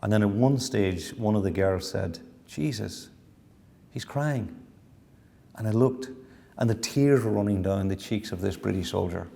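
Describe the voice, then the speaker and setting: A man's voice: lowish voice, moderate pace, vocal fry, mellow. A middle-aged man, telling a personal story in a reflective lecture. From Ireland. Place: university lecture hall. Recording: long hall reverb.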